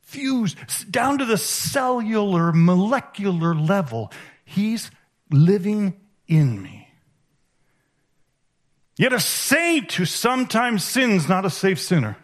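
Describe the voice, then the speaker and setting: A man preaching a sermon in a conference hall, his voice sitting high and leaping all over the place. He takes his time and talks slowly and deliberately. He is animated and emphatic, dropping low and quiet, then rising again. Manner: animated and emphatic, swinging between hushed and raised. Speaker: conference speaker.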